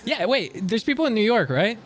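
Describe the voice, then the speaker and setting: A man's voice: sits high, sing-song, brisk. A young man streaming from Canada, chatting casually with viewers, rambling and swearing as he reads chat aloud. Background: faint music.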